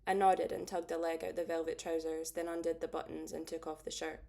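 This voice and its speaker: A woman narrating a first-person audiobook in a steady, understated way. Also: low voice, brisk, vocal fry.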